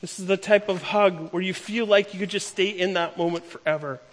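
A man preaching a sermon, retelling a story with emphatic, slowing delivery. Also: high-pitched, fairly even intonation, a bit bright. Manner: storytelling, emphatic, slows down for key lines. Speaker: pastor. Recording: long hall reverb.

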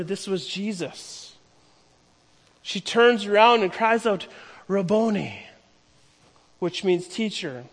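A man preaching a sermon, retelling a story with emphatic, slowing delivery. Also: high voice, a bit bright. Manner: storytelling, emphatic, slows down for key lines. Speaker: pastor. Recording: long hall reverb.

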